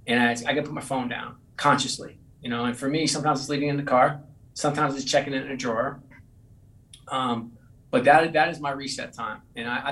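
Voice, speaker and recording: A man's voice: medium pitch, fairly bright tone, low-quality recording. A man being interviewed as a guest author who tells stories in an earnest way and often repeats his words. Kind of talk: casual interview storytelling.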